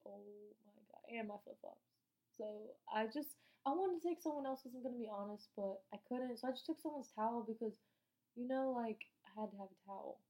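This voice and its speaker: A woman's voice: medium pitch, low-quality recording. A woman in her late teens telling a travel story in a casual, profane, slangy way, acting out the dialogue as she goes. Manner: animated, acts out dialogue. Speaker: vlogger.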